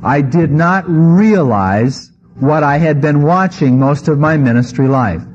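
A pastor preaching a conversational sermon, reading scripture and adding wry asides. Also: male voice, a little high, animated, a little slow, a little mellow, breathy edge. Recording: slightly muffled with faint background noise.

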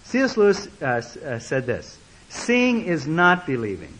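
A man preaching a sermon as a story, animated and repeating words, acting out the voices of the people in it. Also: a little high, unhurried, slight background noise, rough recording.

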